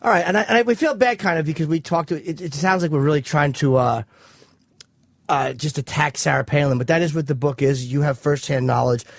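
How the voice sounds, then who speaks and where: A man's voice: fairly high pitch, gravelly, dry recording, clean studio sound. A man hosting a radio interview, joking and probing with his questions. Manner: joking, probing, quick-talking. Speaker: radio host.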